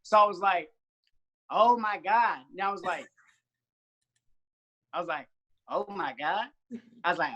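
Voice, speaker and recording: A young man in his twenties, a podcast guest, telling animated stories and acting out his own quotes in casual chat. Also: high voice, normal speed, long pauses, dull audio. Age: 20s.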